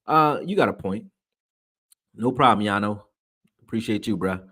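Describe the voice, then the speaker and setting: A man with a fairly low voice talks casually as the host of a live stream and reads out viewer comments as he goes. His talk is loose and slangy, with plenty of swearing, and it jumps up loud when he gets animated. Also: normal speed, husky.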